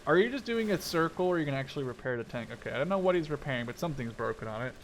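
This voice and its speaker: A man's voice: a little high, expressive, very fast, a little hiss or hum. A man in his twenties giving casual, rambling gameplay commentary, cheerful and jokey, swearing freely and stumbling over German words. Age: 20s. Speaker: gaming YouTuber.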